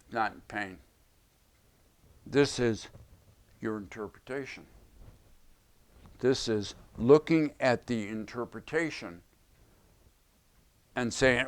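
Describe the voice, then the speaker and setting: A man with a mid-range voice speaks slowly, leaving long pauses. He's a self-help teacher delivering an explanatory video lecture, emphatic in tone and repeating his key phrases.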